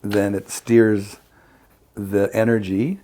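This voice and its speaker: A man's voice: fairly low pitch, level tone, takes it slowly, dark tone. A man who works as a conflict mediator, explaining his method reflectively in a casual podcast conversation. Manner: reflective, explains with acted examples.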